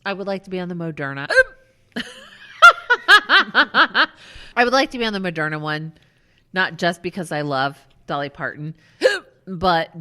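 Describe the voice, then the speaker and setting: A woman's voice: lowish voice, animated, unhurried, long pauses, sharp tone. A woman co-hosting a podcast in casual chat, drunk, hiccuping and laughing, swearing freely. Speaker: podcast co-host.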